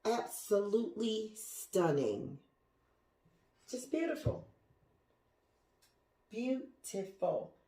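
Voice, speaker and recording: A woman's voice: mid-range voice, a little mellow. Gushing chatty woman, echoey room. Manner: gushing, chatty, talks straight to viewers; drops to a whisper at times. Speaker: plant vlogger. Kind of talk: casual show-and-tell to viewers. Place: indoors among houseplants.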